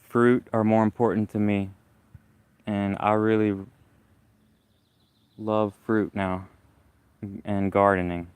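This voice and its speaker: A man with a Southern US accent chatting casually on a livestream, talking slowly around a stammer. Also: lowish voice, little pitch movement, darkish tone, clear, resonant tone, dry recording. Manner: stammer, slow careful breathing; chatty, rambling. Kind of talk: casual live chat.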